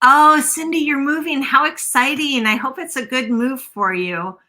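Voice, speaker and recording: Bright chatty woman crafting live. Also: high-pitched, normal speed. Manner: rambling, self-deprecating, addresses viewers as y'all. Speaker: craft video host. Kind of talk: casual chatty craft livestream.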